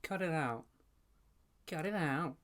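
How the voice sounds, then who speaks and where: A man's voice: on the high side, expressive, takes it slowly, a bit bright, pitched above the performer's own voice. Male narrator playing a teasing, mocking young boy in a storybook reading. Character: teasing mean-spirited boy.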